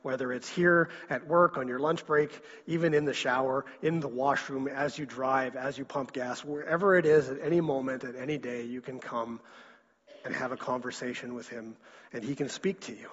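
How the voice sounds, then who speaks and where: A pastor preaches an earnest sermon in a medium-pitched, fairly bright voice at normal speed and a steady tone, often repeating a word to press his point. The recording sounds dull and lo-fi, in a hall with long echo.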